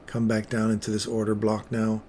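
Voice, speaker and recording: Low-voiced chatty male stream host. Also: monotone, brisk, a little mellow, a little hiss or hum. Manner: rambling, chatty, drifting between topics; playful asides to the viewers. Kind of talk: live trading commentary.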